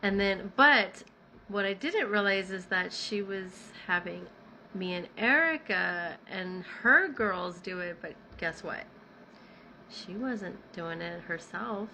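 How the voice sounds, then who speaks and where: A woman's voice: mid-range voice, slow pace, a little hiss or hum, poor audio. A woman telling a personal story in a casual vlog, acting out the dialogue as she recounts it. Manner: animated retelling with acted-out dialogue.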